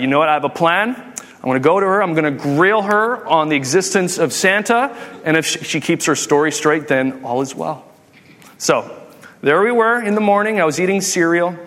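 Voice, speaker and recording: A man in his thirties preaching a humorous sermon, telling jokey stories and acting out quotes. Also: on the high side. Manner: animated, jokey, acts out quotes. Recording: long hall reverb.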